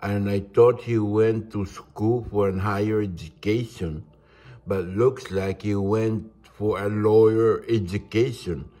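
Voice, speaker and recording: Slow, low-voiced ranting man from Saipan. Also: mellow. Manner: indignant, halting, restarts words. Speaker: vlogger. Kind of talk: ranting monologue.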